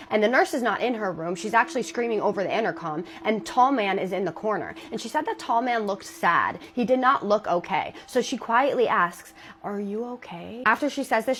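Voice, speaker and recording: A woman's voice: mid-range voice, slight background noise. Woman retelling a scary story casually. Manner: conversational, dramatic retelling with sympathetic asides. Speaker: storytime creator.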